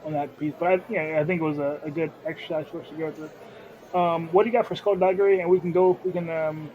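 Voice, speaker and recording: A man's voice: a little high, fairly even intonation, fast talker, narrow, tinny audio. A man co-hosting a casual podcast, joking and filling gaps with "uh" and "um". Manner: joking, filler-heavy. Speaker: podcast co-host. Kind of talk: casual chat.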